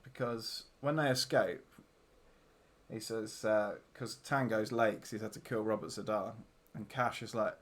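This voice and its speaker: A man's voice: fairly low pitch, steady tone, measured pace. A man hosting a casual podcast about films, joking and laughing often as he chats. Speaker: podcast host. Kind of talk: casual film chat.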